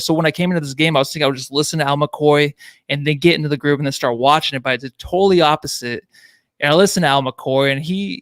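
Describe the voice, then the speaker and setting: A man's voice: a little high, a bit bright, no echo, studio quality. A man co-hosting a casual sports podcast, talking earnestly and effusively, correcting himself as he goes. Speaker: podcast co-host and writer.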